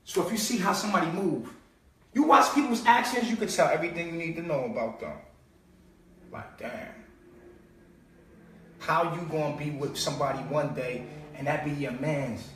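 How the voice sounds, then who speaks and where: Man, high voice, streetwise and profane live-stream host, heard from far off in a roomy space. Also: moderate pace, long pauses, slight background noise. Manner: streetwise, profane, mocking, swings between low mutters and loud outbursts. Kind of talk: casual live-stream monologue. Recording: echoey room, far from the mic.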